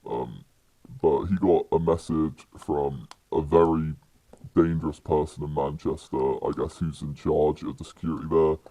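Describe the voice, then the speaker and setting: A young man with a British accent and an extremely deep voice tells a story on a podcast. His tone is dark and mellow, and his telling rambles along with many fillers and restarts. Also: fairly even intonation, normal speed, no echo. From United Kingdom. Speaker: podcast guest. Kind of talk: casual storytelling.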